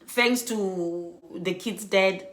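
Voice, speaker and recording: A woman telling an emotional storytime vlog, sounding worn out and animated by turns. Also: medium pitch, extremely slow. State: exhausted. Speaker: vlogger. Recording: echoey room.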